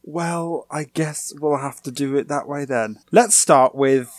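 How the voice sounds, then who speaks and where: A man, a podcast co-host chatting casually with dry, deadpan jokes over a home microphone on a voice call. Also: on the high side, a little slow, background noise. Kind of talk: casual chat, outtakes.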